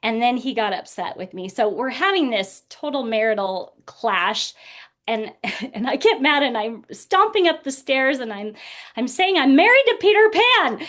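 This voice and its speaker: A woman's voice: on the high side, fairly bright tone. Earnest woman telling a personal story. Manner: earnest, laughs through painful memories. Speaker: guest speaker.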